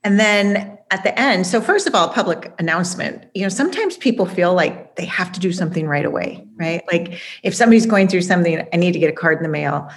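A woman interviewing a guest, reacting warmly and drawing a lesson from his story for listeners. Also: on the low side, lively intonation, a little fast, hardly any pauses. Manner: engaged, draws lessons for listeners. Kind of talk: conversational interview.

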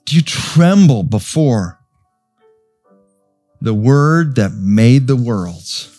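A man preaching a sermon as pastor of a church, slow and emphatic, rising to strong peaks as he calls out to his congregation. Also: medium pitch, lively intonation. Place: church sanctuary. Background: soft piano.

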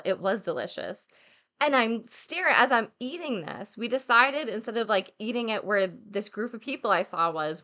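Young woman, bright clear tone, lively anecdote-teller in casual podcast chat. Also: medium pitch. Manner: animated storyteller, acts out quotes, many fillers. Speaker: podcast co-host telling a travel story.

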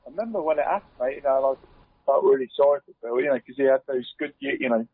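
A man rambling through a relaxed football chat, tacking "mate" onto almost every phrase. His voice comes through a thin, tinny phone line with a dry sound and no room echo. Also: medium pitch, fast talker, vocal fry, husky. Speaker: podcast co-host. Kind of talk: casual chat.

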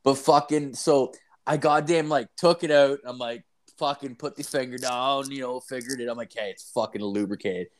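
A young man spins a crude story in loose, casual talk, swearing in nearly every sentence. He rambles and restarts, slipping into the voices of the people in his tale. His voice sits at an ordinary middle pitch. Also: normal speed. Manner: profane, rambling, acts out quotes.

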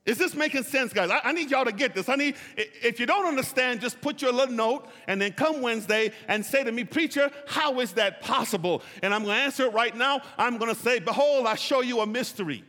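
A man's voice: very high-pitched, brisk, hardly any pauses, sharp tone. A man preaching a sermon in a church, leading call-and-response by having listeners repeat phrases after him. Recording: long reverb of a large hall.

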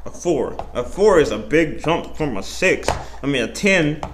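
Rambling, profane young man with a raised pitch. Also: a little slow, very noisy. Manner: rambling, profane and animated, with slang and self-interruptions. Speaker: podcast host. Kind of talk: casual solo podcast monologue.

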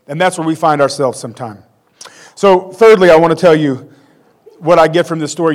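A man's voice: fairly high pitch, brisk. A man in his forties preaching a conversational sermon with self-deprecating humor. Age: 40s. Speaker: pastor.

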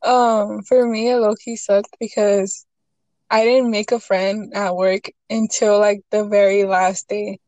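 A woman's voice: medium pitch, little pitch movement, a little slow, darkish tone, no room sound, low-quality recording. Young woman chatting casually. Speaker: interviewer in casual chat. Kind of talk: casual chat.

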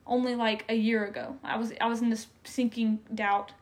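A woman's voice: on the high side, little pitch movement, moderate pace. A young woman giving an earnest, emotional faith testimony in casual chat, with many fillers. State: tearful at times. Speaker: faith podcast co-host.

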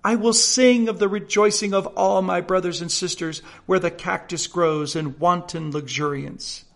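A man's voice: high-pitched, fairly even intonation, normal speed, vocal fry. A man voicing a homesick canary bird that speaks in a dreamy, poetic, yearning way. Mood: wistful.

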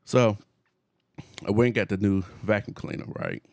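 A man in his forties telling a story in casual chat, animated, laughing often, with slangy phrasing. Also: fairly low pitch, moderate pace, gravelly, no room sound, studio quality. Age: 40s.

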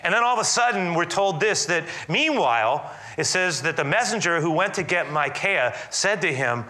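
Bright-toned animated male preacher. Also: high-pitched, moderate pace, hardly any pauses. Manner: animated, dramatic storytelling retelling of scripture. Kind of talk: sermon.

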